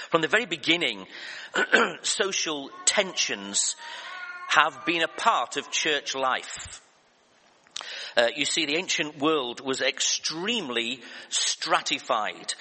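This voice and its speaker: A man's voice: medium pitch, pushed and bright, a little hiss or hum. A man preaching a sermon, hesitant and self-deprecating, with many fillers and restarts. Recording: reverberant church hall.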